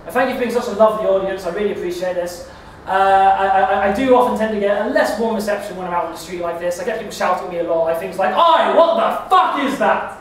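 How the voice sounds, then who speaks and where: A young-sounding man with a high voice races through a rambling stand-up story, tripping over his own words as he goes. He is miked from a distance in a very echoey club. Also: racing, few pauses, a little hiss or hum. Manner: rambling deadpan storytelling with stammered restarts. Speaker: stand-up comedian. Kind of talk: stand-up set. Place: comedy club stage.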